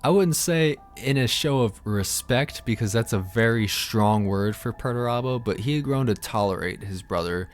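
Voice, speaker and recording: A man's voice: medium pitch, normal speed, hardly any pauses, faint music behind. A man hosting a comedic lore explainer, irreverent, profane and full of slang. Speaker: host of a lore-explainer channel.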